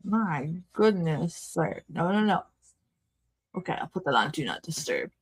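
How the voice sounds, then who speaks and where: A woman's voice: on the low side, expressive, measured pace, slightly rough. A young woman hosting a livestream, casually joking through a movie watch-along and talking to her chat. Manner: chatty, joking asides to chat, frequent laughs. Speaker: livestream host.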